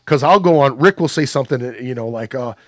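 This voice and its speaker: A man's voice: medium pitch, fast talker, dry recording, clean studio sound. A man telling a long story in casual chat as a podcast guest, swearing a lot and acting out the quotes in a rambling way. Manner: profane, rambling storyteller who acts out quotes.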